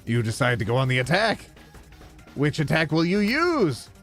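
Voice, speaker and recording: Give me an animated young man reading a game aloud. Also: on the high side, moderate pace, faint music behind. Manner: animated, jumping from flat reading to excited yelps. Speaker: streamer playing a dating sim. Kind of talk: reading game text aloud with playful commentary.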